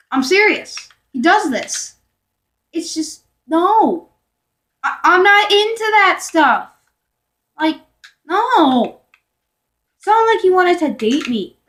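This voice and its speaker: A woman's voice: extremely high pitch, very animated, slow, long pauses, fairly bright tone. A young teenage girl telling a storytime vlog in a rambling way, full of fillers, self-corrections and whispered asides. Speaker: vlogger.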